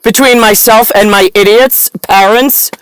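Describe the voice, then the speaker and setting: A woman vlogger telling a rambling, profane personal story, at times breaking into loud rants. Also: fairly high pitch, fairly even intonation, measured pace, clean tone, poor audio.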